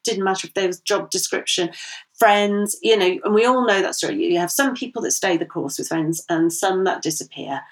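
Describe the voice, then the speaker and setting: A woman guest in a podcast interview, speaking gently and earnestly about her late child and often laughing as she tells stories. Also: medium pitch, fairly quick, recorded from a distance. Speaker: guest, bereaved parent. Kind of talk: candid interview talk.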